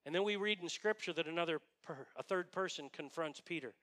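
A male pastor delivers a sermon in a high, bright voice. He tells the story in a chatty way and sometimes drops to a hush. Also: brisk. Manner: conversational storytelling, dropping to hushed tones.

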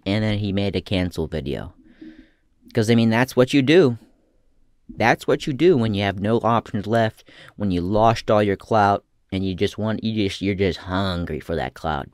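A young man hosting a crude comedy commentary, swinging from loud shouting bits to a mocking, profane rant. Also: low voice, no room sound, clean studio sound.

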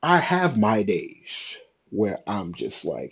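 A young man talking in a raw, halting, emotional confessional monologue, cursing often. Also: lowish voice, wildly swooping pitch, a bit bright, husky. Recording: dull lo-fi sound.

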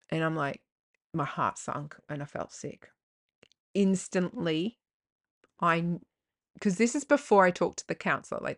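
Frank woman with gravelly fry. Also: deep voice. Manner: rambling, frank, swears, many fillers and tangents. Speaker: podcast host. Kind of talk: candid personal podcast monologue.

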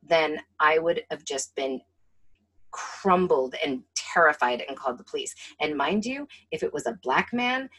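A woman co-hosting a casual film chat, animated and profane, often acting out lines. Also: sits low, measured pace. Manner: animated and profane, acts out quotes. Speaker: podcast co-host.

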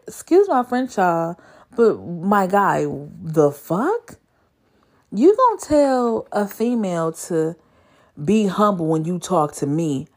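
Animated woman ranting with sharp pitch jumps. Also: measured pace. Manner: animated, profane, exasperated storytelling with sudden high squeals of disbelief. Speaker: vlogger. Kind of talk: casual storytelling rant.

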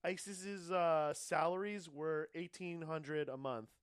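Laid back guy co-hosting, explains stuff, swears a bit, kinda high voice, dry sound. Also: slow pace, clean tone, no echo. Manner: relaxed, explains at length, swears. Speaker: podcast co-host. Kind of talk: casual chat.

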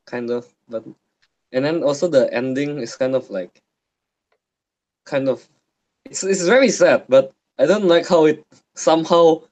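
A man's voice: mid-range voice, a little mellow. A man with an Indonesian accent co-hosting a casual podcast, talking hesitantly. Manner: hesitant, many fillers and restarts. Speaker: podcast co-host. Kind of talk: casual chat. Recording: dull lo-fi sound.

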